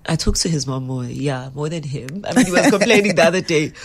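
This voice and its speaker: A woman's voice: low-pitched, brisk, husky. A woman, an actress being interviewed, who chats animatedly, laughs often and slips Zulu phrases into her talk. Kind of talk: casual interview chat.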